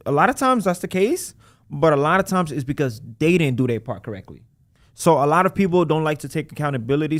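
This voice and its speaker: A man who runs a credit repair business, talking as a guest in a casual podcast conversation, animated and emphatic with lots of slang. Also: on the high side, dry recording, studio quality.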